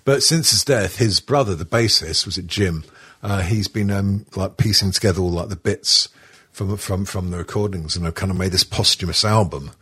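Husky, sweary British man chatting. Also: sits low, moderate pace, bright, forceful tone, dry recording, studio quality. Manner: sweary, rambling, laughing often. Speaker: podcast host. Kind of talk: casual chat.

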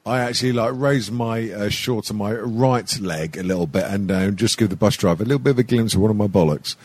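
A man hosting, asking questions and trading crude, teasing jokes in a deadpan way. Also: fairly low pitch, a little fast. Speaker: host. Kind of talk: crude comic banter.

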